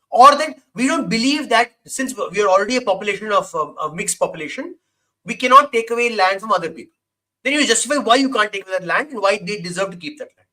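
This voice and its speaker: A man's voice: high-pitched, expressive, fast, bright, forceful tone. A man co-hosting a live stream, giving heated, emphatic commentary on a debate clip and explaining his point step by step. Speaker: co-host reacting to a debate clip.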